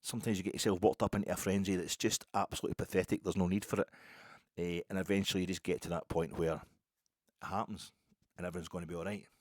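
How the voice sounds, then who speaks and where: Scottish male podcast host, quick and rambling, slightly low, husky, dry close sound. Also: level tone, no echo. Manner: rambling, chatty storytelling with many restarts. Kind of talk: casual podcast monologue.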